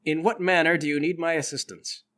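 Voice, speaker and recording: A man voicing a calm, grandiose nanomachine being that speaks in lofty declarations. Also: on the high side, fairly quick, lightly acted.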